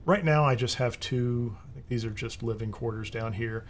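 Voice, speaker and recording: A man hosting a video game guide, talking casually over gameplay in a relaxed, rambling way that often restarts sentences. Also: medium pitch, moderate pace, a little hiss or hum.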